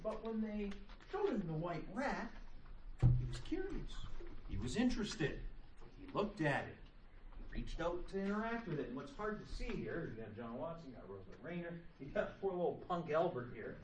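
A man's voice: on the high side, moderate pace, slight background noise. A man teaching a psychology class, telling the story with jokes and dramatic gasps. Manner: lively, joking, animated storytelling. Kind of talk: classroom lecture. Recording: echoey classroom from far off.

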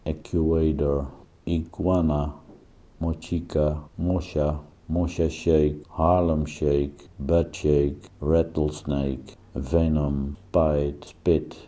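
A man slowly reciting a chain of free word associations, one word at a time. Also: very deep voice, flat delivery, mellow. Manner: slow, deliberate, list-like.

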